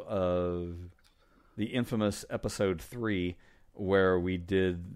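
Low-voiced man reminiscing on a podcast. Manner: reminiscing, laughs often, frequent ums. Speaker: podcast co-host. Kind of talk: casual podcast chat.

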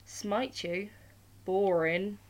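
A mischievous male trickster god from a storybook tale, read out by a woman, teasing and grand. He speaks with easy, playful confidence, a little louder than the telling around him. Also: mid-range voice, a little fast, close to an everyday voice.

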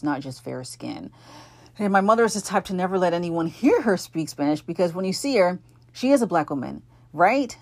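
Woman host, low voice, chatty delivery. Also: darkish tone. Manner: conversational, many fillers and self-corrections. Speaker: podcast host. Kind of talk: casual monologue introducing an episode.

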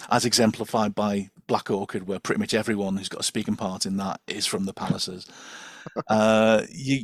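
A man's voice: lowish voice, no room sound. A man speaking as a guest expert in a casual podcast chat, chatty and enthusiastic, with lots of fillers and laughter.

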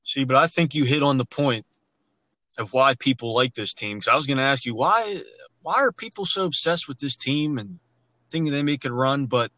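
A man's voice: mid-range voice, expressive, normal speed, sharp tone, no echo, poor audio. A man co-hosting a casual sports podcast, ranting bluntly about college basketball and swearing freely. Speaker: podcast co-host.

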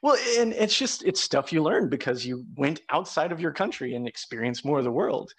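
A man's voice: a little high, animated, brisk, breathy edge. A middle-aged man hosting a podcast, telling stories in a loose, rambling way full of fillers. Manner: rambling storyteller, frequent uh and you know. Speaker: podcast host. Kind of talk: casual conversation.

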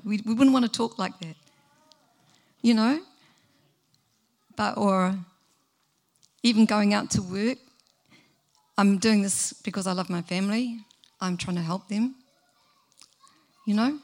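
Kiwi lady giving a sermon, chatty and earnest, bit of fry in her voice, middle-aged. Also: mid-range voice, takes it slowly, pauses often, darkish tone. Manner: earnest and conversational, asks the listeners questions. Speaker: preacher.

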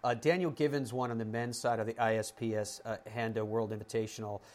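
A male golf show host recapping the weekend's events in a relaxed, conversational way. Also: mid-range voice, fast. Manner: conversational, loose recap with fillers. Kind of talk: recapping interviews on a talk show.

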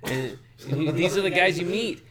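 A man's voice: sits high, moderate pace. Blunt, cursing man with crowd behind. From Canada. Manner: profane, blunt storytelling. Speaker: guest, MMA fighter. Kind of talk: casual podcast chat.

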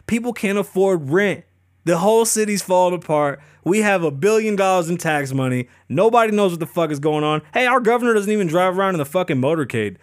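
A man in his thirties hosting his own show, ranting casually with lots of profanity, heated and rambling, stumbling over words. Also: high-pitched. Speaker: host. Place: Las Vegas.

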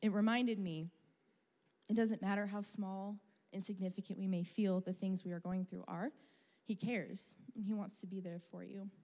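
A young adult woman preaching a sermon, telling a personal story in a chatty, animated way with casual fillers. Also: mid-range voice, normal speed. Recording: long reverb of a large hall.

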